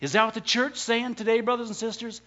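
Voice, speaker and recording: A man preaches with a high, bright voice and keeps asking the congregation rhetorical questions. He leans hard on his points. The recording sounds dull and lo-fi. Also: level tone, fast talker. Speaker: pastor. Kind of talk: sermon.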